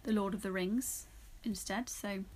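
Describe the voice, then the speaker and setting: A woman's voice: mid-range voice, fairly even intonation, measured pace, a little mellow, slight background noise. A woman co-hosting a casual film podcast, teasing and laughing often. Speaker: podcast co-host. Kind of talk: casual chat film review.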